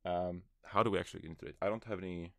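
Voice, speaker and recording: A man's voice: sits low, fairly even intonation, racing, pushed and bright, no echo, studio quality. A man hosting his first solo esports podcast from a closet on a USB microphone, rambling and offhand, with self-deprecating asides. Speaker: podcast host. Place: small closet.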